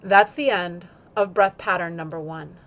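A woman yoga teacher speaking in an instructional video, using slow, deliberate phrasing timed to her breath. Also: fairly low pitch, a bit bright, dull audio.

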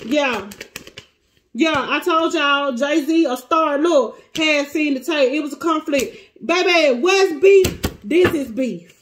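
A woman with a high voice gives a casual tarot reading, exclaiming often and breaking off mid-sentence as she thinks aloud. Clear clicking noises run behind her voice. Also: slow, slight background noise. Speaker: tarot reader.

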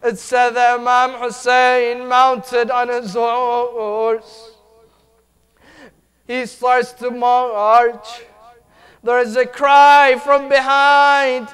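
A male preacher reciting a mourning sermon in a slow, lamenting delivery. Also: very high voice, fairly bright tone, clear, resonant tone.

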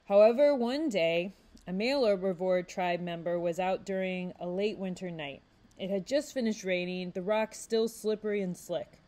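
Librarian lady reading a ya book out loud, steady and expressive. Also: mid-range voice. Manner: measured, expressive storytelling. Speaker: youth services librarian. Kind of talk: reading a novel aloud.

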